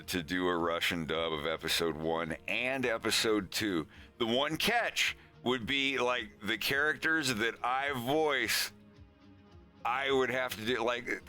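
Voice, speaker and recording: Male streamer, casual chat, low voice, slow pace, laughs a lot. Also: pushed and bright. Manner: chatty, laughs often, rambling restarts. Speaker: animator and show host.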